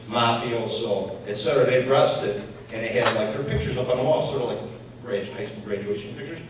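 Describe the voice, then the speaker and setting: A middle-aged man with a Chicago accent telling a blunt, animated story to an audience at a public forum, raising his voice for emphasis. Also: mid-range voice. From Chicago area, United States. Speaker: panel speaker, former investigator. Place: university pavilion before an audience. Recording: very echoey hall, distant mic, faint hiss.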